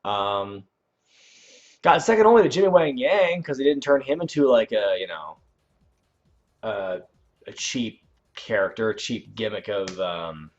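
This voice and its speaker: Rambling man on a dull lo-fi stream. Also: medium pitch. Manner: rambling and self-correcting, with sudden loud outbursts reacting to the game. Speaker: channel host. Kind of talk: casual livestream chat while playing a video game.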